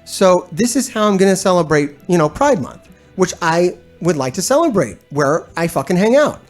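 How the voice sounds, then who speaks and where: A man's voice: high-pitched, very animated, normal speed, soft background music. A man hosting a gaming stream, talking casually to his chat in a blunt, profane and exasperated rant that rambles with restarts and frequent laughs. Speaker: gaming streamer and video host. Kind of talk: casual ranting commentary to a live chat.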